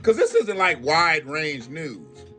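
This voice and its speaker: A man's voice: fairly high pitch, sing-song, slow pace, bright, forceful tone, faint music behind. A man hosting a live-stream commentary show, ranting bluntly and profanely and talking straight to his viewers. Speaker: livestream host.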